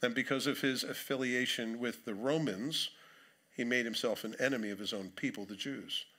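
Male pastor, medium pitch, crisp and bright, conversational church sermon with wry humor. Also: normal speed. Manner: conversational preaching with dry humor asides. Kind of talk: sermon with scripture reading. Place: church sanctuary.

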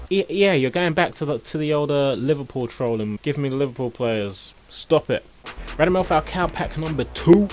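A young man commentating a game pack opening, excitable and foul-mouthed, breaking into shouts. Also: medium pitch. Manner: excitable, swears freely, bursts into shouting. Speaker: gaming YouTuber.

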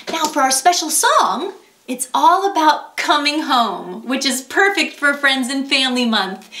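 High, singsong woman teaching kids. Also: a bit bright, roomy sound. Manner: cheerful, coaxing, talks straight to children. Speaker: children's music teacher. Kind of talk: kids' sing-along lesson.

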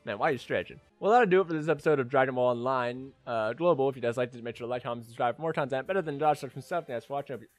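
A young man hosting a gaming video, boasting, joking and yelling at the game as he plays. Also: medium pitch, rapid-fire, hardly any pauses, faint music behind. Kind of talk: gameplay commentary.

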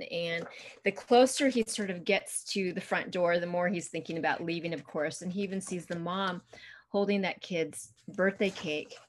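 This woman, an author of children's books, talks through her book's plot over a video call, loosely and conversationally, with plenty of "um"s and "you know"s. Her pitch is fairly low, and a faint hiss or hum sits under the recording.

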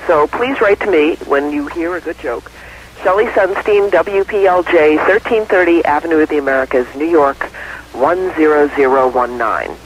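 A woman radio regular calling in by phone, telling a joke in a playful, lively way. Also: low voice, moderate pace, slight background noise, poor audio. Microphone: phone line.

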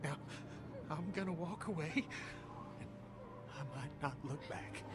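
Kenny, choked-up protective survivor. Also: male voice, on the high side, lively intonation, slow, very noisy. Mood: tearful farewell. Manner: voice breaking with emotion. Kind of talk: video game voice acting. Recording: game audio under loud music.

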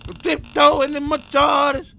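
A man giving loud, excitable commentary while playing a horror game, full of slang and yelling at jump scares. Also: very high-pitched, measured pace, vocal fry, faint music behind. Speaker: gamer.

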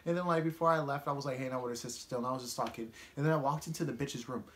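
A young man telling a casual storytime vlog, profane and animated, laughing often as he talks. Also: medium pitch, rapid-fire, very noisy. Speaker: vlogger.

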